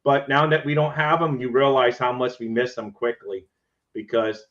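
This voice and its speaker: A man's voice: mid-range voice, little pitch movement, normal speed, fairly bright tone, lo-fi sound. A man co-hosting a casual sports talk show in an easygoing, agreeable way, with many "you know" fillers. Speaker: podcast co-host.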